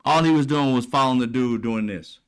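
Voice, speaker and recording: A man's voice: medium pitch, brisk, smooth. A man hosting casual political commentary, talking bluntly with profane slang and a mocking, sarcastic edge. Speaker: commentary channel host.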